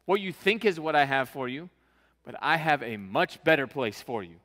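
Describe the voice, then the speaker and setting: A male preacher with a bright, forceful voice that sits a little high. He talks through his sermon in a loose, conversational way, reading scripture and slipping into slang. His voice rings out in a long hall reverb. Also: normal speed. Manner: casual, conversational, acts out scenes in slang.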